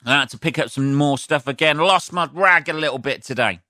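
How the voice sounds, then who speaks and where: A man's voice: a little high, brisk, sharp tone, dry recording, clean studio sound. A man hosting his own podcast, rambling and swearing casually, sniffly from sneezing, laughing at his own jokes. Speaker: podcast host. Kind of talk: casual solo podcast rant.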